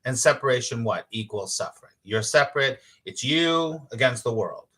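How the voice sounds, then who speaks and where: A man hosting a casual spiritual talk, reading comments from his audience, emphatic and quick to laugh, sometimes swearing. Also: medium pitch. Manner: animated and emphatic, laughs easily, acts out inner voices. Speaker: spiritual teacher hosting a live morning show.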